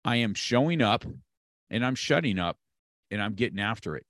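Emphatic low-voiced man around sixty. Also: lively intonation, normal speed, a bit bright, no echo, studio quality. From California. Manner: emphatic, repeats key phrases. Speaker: guest, martial arts instructor. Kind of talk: motivational conversation.

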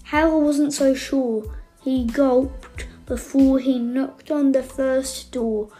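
A woman reading a children's story aloud in an expressive, playful way. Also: high voice, slow pace. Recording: faint background music.

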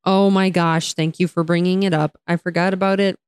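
Young woman co-host, low-ish voice, dry sound, casual, lots of laughs and rants. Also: brisk, clear, resonant tone, no room sound. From United States. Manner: animated, laughs often, rants. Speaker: podcast co-host. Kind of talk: casual chat.

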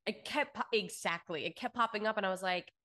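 A woman's voice: medium pitch, fairly quick, a bit bright. Podcast co-host, woman; loose, gushing, filler-heavy casual talk with curse words. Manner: effusive, swears freely, many fillers. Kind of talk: casual chat.

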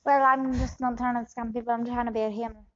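A woman's voice: a little high, flat delivery, fast talker, fairly bright tone, dull audio, close to an everyday voice. A woman improvising a bumbling scammer who poses as a doctor, rambling and switching accents. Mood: scheming. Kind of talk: improvised comedy interview.

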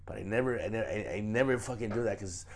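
A man of Mexican heritage hosting a podcast, talking in a profane, animated, advice-giving way in casual chat. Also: fairly low pitch, quick pace, gravelly, a little hiss or hum.

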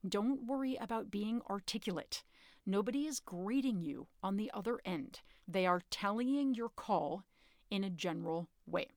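Woman podcast host, urgent and earnest casual talk, middling pitch, dry close sound. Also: normal speed, darkish tone, no room sound. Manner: earnest, urgent, rises in pitch when emphatic; informal, occasionally curses.

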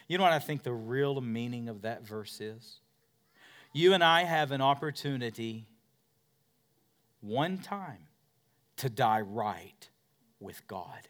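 Expressive and unhurried, pausing often, a middle-aged pastor with a mid-range voice delivers his sermon. He shifts from forceful, loud preaching to soft, quiet storytelling, with humor aimed at himself.

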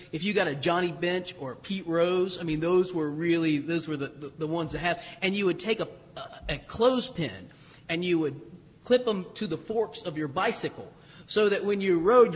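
A man's voice: fairly high pitch, breathy edge. A man, a priest, giving a sermon in a conversational, self-deprecating way with asides. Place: church. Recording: long church reverb.

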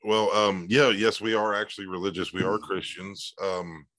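Low voiced guy, plain short answers, dry sound. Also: little pitch movement, moderate pace, fairly bright tone, no echo. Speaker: guest. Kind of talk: casual chat.

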